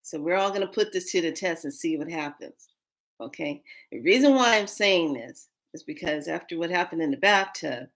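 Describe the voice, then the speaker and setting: A woman's voice: fairly low pitch, moderate pace, fairly bright tone. A woman in her fifties hosting a spiritual livestream, telling a story casually, playful and laughing often. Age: 50s. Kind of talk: casual storytelling to a live audience.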